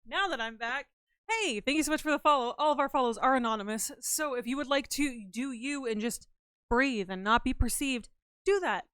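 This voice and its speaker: A woman's voice: high-pitched, normal speed, fairly bright tone, clear, resonant tone, no echo, studio quality. A young woman livestreaming, chatting casually and playfully with her viewers in a rambling way. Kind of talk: casual chat with live viewers.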